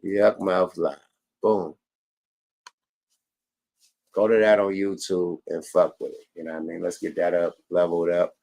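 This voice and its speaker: A man hosting his own livestream podcast, talking casual and profane with a slurred, gravelly drawl. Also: deep voice, level tone, moderate pace, long pauses, mellow. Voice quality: gravelly, slurred like a drunk wino. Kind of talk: casual stream sign-off.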